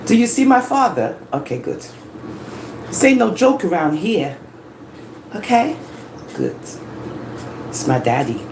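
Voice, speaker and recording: A live-stream host, chatting casually from home into a phone, animated and laughing as they tease and tell stories. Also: medium pitch, takes it slowly, pauses often, background noise. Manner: animated, laughing, teasing rants and storytelling. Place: home living room. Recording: echoey room with faint ambience.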